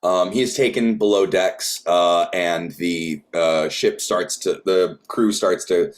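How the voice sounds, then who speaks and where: A man narrates a tabletop role-playing game as game master. His voice is very low and his delivery relaxed and halting. He often pauses to search for words. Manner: relaxed, many fillers and restarts.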